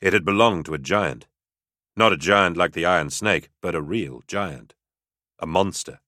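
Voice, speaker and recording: A man with a very deep voice narrates an audiobook in a steady, dramatic manner. His tone is forceful and firm. The recording is dry and close. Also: normal speed, no room sound.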